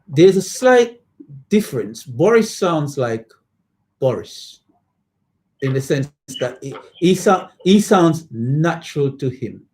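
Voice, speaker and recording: A man in a casual podcast discussion, animated and stammering at times, slipping into patois to make a point. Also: fairly high pitch, a little slow.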